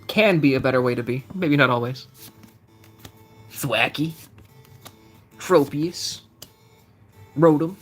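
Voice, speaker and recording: A young man with a slightly high voice chats casually through a live stream, reading out the cards he pulls one by one and replying to viewers. Faint music plays quietly underneath. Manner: chatty, reads out card names, answers chat. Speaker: streamer opening trading card packs.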